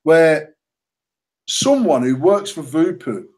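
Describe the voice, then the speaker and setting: Man, casual podcast co-host, high and lively voice, swears a lot. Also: slow, poor audio. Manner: sweary, excitable, animated, laughs often. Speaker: podcast co-host, mod company owner.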